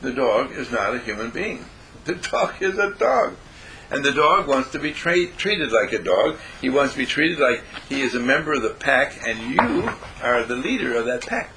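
A man's voice: medium pitch, big pitch swings, moderate pace, pushed and bright, a little hiss or hum, low-quality recording. A man playing a firm dog trainer. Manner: firm, instructive. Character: calm confident male dog trainer.

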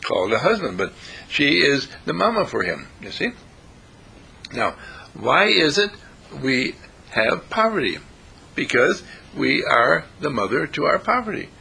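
A man delivers a sermon in a husky, gravelly voice with a bright, sharp edge. His pitch swings widely as he tells stories and slips into the voices of the people in them. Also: measured pace, pauses often. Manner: animated, acts out characters in the stories. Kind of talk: sermon with storytelling.

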